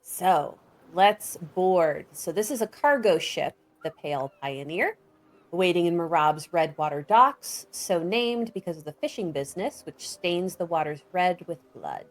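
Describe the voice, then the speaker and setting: A woman's voice: on the low side, expressive, measured pace. A woman game master narrating and setting scenes for a tabletop game.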